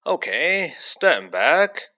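Vain, overconfident wizard teacher voiced by a man, loud and breezy, animated pitch, bright sharp tone, storybook reading. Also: very slow, exaggerated voice. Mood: breezy, confident. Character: vain, showy male wizard teacher, falsely reassuring.

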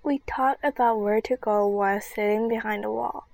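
A woman reading a first-person children's adventure story in a soft, half-whispered voice. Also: mid-range voice, steady tone, normal speed, creaky, poor audio. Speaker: story reader.

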